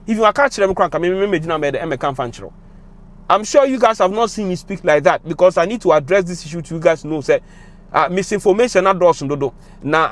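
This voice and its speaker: A young Ghanaian man speaking with a Ghanaian accent, giving emotional, impassioned commentary that switches between English and Twi. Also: high voice. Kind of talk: passionate commentary to camera.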